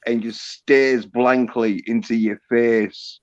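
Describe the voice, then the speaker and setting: A man's voice: mid-range voice, fairly even intonation, slow pace, lo-fi sound. An Englishman chatting casually on a live stream, rambling and swearing as he jokes. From England. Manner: rambling, profane, joking.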